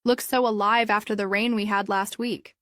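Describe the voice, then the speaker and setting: A woman's voice: medium pitch, flat delivery, normal speed, a bit bright, no room sound, close to an everyday voice. Polite young woman chatting, narrator reading her lines, dry close mic. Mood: pleasant. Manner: polite, pleasant.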